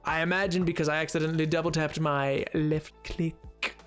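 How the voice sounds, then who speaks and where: A man doing a put-on posh English accent as a prim, fussy gentleman, with mannered phrasing, while commentating his game stream. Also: a little high, flat delivery, normal speed, faint music behind, close to an everyday voice.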